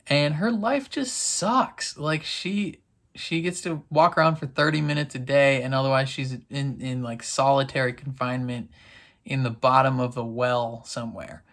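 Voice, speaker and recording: A young man talks through an episode in a loose, rambling way. His voice sits at a middle pitch, and he leans on fillers and quick laughs as he recaps. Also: fairly bright tone. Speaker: TV reaction vlogger. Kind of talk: casual recap chat.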